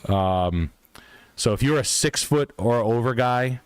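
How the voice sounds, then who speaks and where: A man talks in loose, joking banter with plenty of swearing, chatting casually on a live stream. His voice sits at a middle pitch, and the recording is dry and close-miked. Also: expressive, slow pace, clean tone, no echo. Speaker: guest home builder.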